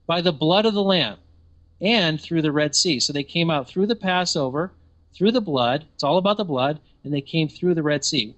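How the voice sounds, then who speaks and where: Male teacher, sermon delivery, emphatic questioning, a bit higher pitch. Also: fairly bright tone, muffled recording.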